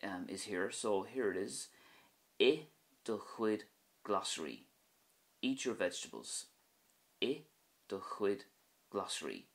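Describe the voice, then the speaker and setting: A man teaching pronunciation, saying words slowly and repeating each one carefully. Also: sits low, a bit bright. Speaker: Irish language teacher. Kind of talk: pronunciation lesson.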